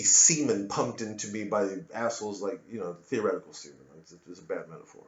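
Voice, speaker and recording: A man's voice: on the low side, lively intonation, fast talker, hardly any pauses, fairly bright tone. Sardonic rambling male comedian, lo-fi. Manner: sardonic, digressive, slips into voices. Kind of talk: rambling satirical monologue. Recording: dull lo-fi audio.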